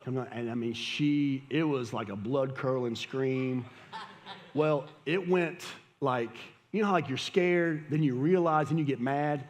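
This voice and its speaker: A man's voice: mid-range voice, measured pace. A man, preaching a sermon as a pastor, telling a casual, conversational story and laughing at it. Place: church hall with audience. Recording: live church hall with long reverb.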